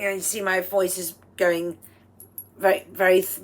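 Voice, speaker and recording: A woman vlogging at home with a throaty, strained voice, speaking in a slow, deliberate and slightly formal way and often dropping into breathy whispered asides. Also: fairly low pitch, level tone. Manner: proper, slightly formal phrasing. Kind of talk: rambling personal vlog monologue. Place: at home while cooking. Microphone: speaking into a microphone.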